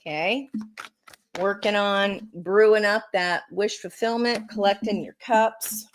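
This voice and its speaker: A woman's voice: mid-range voice, steady tone, slow pace, a little hiss or hum, rough recording. A woman giving a casual tarot reading, chatty and encouraging, talking straight to her viewers. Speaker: tarot reader.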